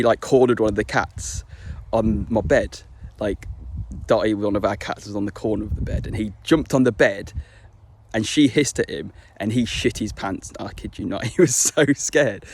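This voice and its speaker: A man's voice: fairly low pitch, darkish tone, dry recording. A young man chatting casually to camera, rambling and swearing, full of fillers and restarts. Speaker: vlogger.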